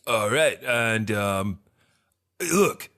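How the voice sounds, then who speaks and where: A man chats and jokes on a podcast with a lively, up-and-down voice. His talk is loose and playful, full of quick asides. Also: medium pitch. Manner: animated, playful, jokey. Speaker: podcast co-host. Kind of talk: casual chat.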